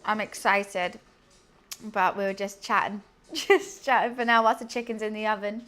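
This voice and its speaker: Cooking in her home kitchen, a young woman live-streams casual chat in a steady, slightly bright, medium-pitched voice at normal speed. She's chatty and easily distracted, giggling often and repeatedly losing her train of thought.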